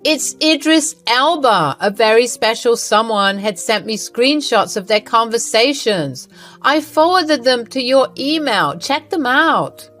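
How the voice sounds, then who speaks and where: Brief: woman playing a spiteful mother-in-law, smug and coy, lightly pitched up, soft music bed. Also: expressive, unhurried. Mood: gloating.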